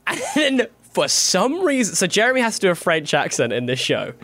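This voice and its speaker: A man's voice: high voice, brisk, dry recording. A young man hosting a podcast, telling a story animatedly and laughing as he goes. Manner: animated, laughs through his stories. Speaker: podcast host. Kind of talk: casual chat, storytelling.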